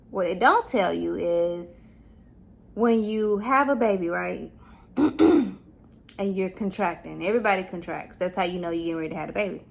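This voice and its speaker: A woman's voice: mid-range voice, vocal fry. A young adult woman vlogging about her experience as a new mom, talking casually and candidly with many fillers. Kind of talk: casual personal storytelling.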